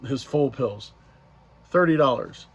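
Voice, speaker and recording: Guy vlogging, rambly storytelling, lots of ums, mid-pitched voice. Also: expressive, takes it slowly, breathy edge, lo-fi sound. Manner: rambling, with many fillers and restarts. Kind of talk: casual storytelling recap.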